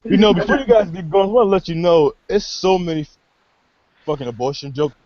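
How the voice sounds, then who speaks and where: A man in casual podcast chat, talking haltingly with restarts and heavy swearing. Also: sits high, no echo. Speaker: podcast co-host. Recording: lo-fi sound with faint noise.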